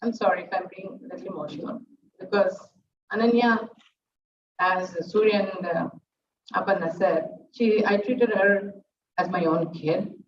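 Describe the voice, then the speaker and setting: At a student's recital, a middle-aged dance teacher delivers a heartfelt speech in a medium-pitched voice, earnest and halting, full of fillers as she pauses to gather her thoughts. She sounds distant in an echoing room, muffled and dull, with a faint hiss underneath.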